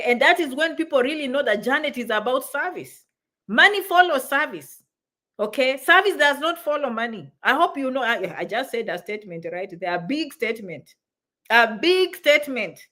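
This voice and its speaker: A woman's voice: sits high, fairly bright tone. A woman hosting a livestream, reading viewer comments and giving visa advice, emphatic and often asking "okay?". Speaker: immigration visa advisor and livestream host. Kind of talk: live stream talk, reading viewer comments. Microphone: livestream setup.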